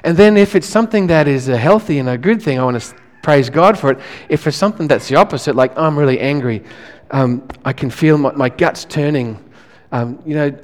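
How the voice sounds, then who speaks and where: A male pastor, preaching a sermon in a relaxed, conversational way, often restarting his phrases. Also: a little high, a little fast, in a large hall.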